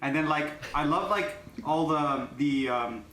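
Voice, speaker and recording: A man's voice: on the high side, a little slow, a bit bright. Enthusiastic rambling young man. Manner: rambling, enthusiastic, lots of fillers. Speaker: podcast co-host. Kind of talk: casual chat. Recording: echoey room, faint noise.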